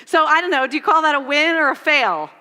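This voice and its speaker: Bright high-voiced woman preaching. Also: fast talker, long reverb tail. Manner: animated, self-deprecating storytelling. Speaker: church speaker. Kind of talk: storytelling sermon.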